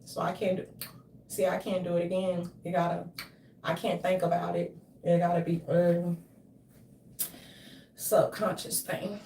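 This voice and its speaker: A woman's voice: medium pitch, a little slow, distant mic. A woman ranting casually to her audience, telling stories with lots of cursing, laughter and mimicked voices. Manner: profane, animated storytelling with laughs and mimicry. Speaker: commentary streamer. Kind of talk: casual rant. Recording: echoey room, off-mic.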